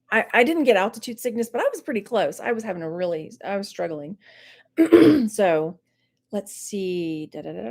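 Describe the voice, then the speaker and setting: A woman's voice: medium pitch, a little mellow. A middle-aged woman from Texas rambling casually on her livestream, laughing often, her mouth dry. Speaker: online reseller hosting a livestream.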